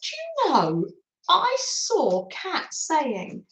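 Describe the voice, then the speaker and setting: An older woman, hosting a craft livestream and chatting warmly to viewers by name as she reads their comments. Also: sits high, huge pitch swings, extremely slow, reverberant, low-quality recording.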